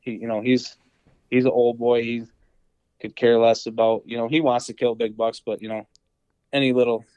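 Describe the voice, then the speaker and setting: A man's voice: mid-range voice, little pitch movement, moderate pace, dark tone, clean tone, no echo, lo-fi sound. A young man, a podcast guest, telling a hunting story in a rambling casual way, full of fillers and acted-out quotes. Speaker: podcast guest, deer hunter.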